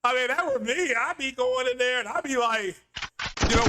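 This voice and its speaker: A man's voice: extremely high pitch, normal speed, noisy background. A man live-streaming casual commentary, riffing and laughing through playful rants.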